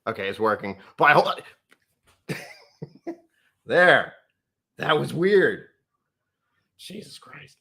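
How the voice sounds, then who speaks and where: A man's voice: mid-range voice, very animated, slow, creaky, pauses often, sharp tone. A man hosting a livestreamed whiskey tasting from home, chatting in a playful, self-mocking way and laughing easily. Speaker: host.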